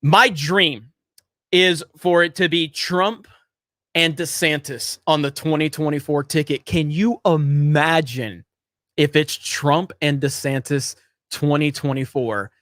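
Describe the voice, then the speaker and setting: A man's voice: fairly high pitch, fairly even intonation, slow pace, a bit bright, no echo, clean studio sound. A man hosting a livestream, ranting in heated, profane political commentary and reading out viewer chats, repeating his points for emphasis. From Florida.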